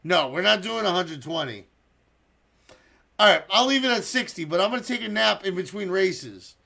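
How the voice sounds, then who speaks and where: On a casual live stream for his community server, a man chats with viewers and calls a duck race, swearing openly and quacking loudly to cheer. His high, creaky voice has lively intonation at a moderate pace.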